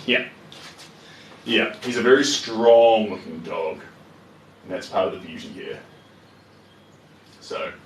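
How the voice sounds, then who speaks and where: A low-voiced man talks slowly and casually as he paints live, half muttering to himself between greetings to viewers. His voice sits back from the microphone in an echoey room. A faint ambient hum runs underneath. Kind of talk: casual live-stream chat while painting. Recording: roomy echo, voice far from the mic, faint ambience.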